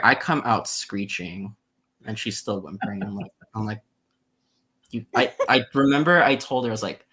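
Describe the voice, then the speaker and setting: Male podcast guest, scare actor, low bright tone, loose rambling delivery. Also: moderate pace, breathy edge. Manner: rambling, heavy use of "like". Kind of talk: casual podcast chat.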